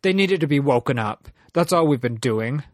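A man's voice: mid-range voice, animated, normal speed, dry recording, close to an everyday voice. Guy reading as a condescending zealot villain, mocking, plain dry voice. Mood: smug. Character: smug, fanatical male revolutionary villain.

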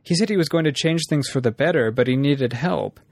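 A man reading a story aloud, voicing a guilt-ridden young man who talks in a hurried, pleading way. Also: medium pitch, vocal fry, no echo. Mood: remorseful.

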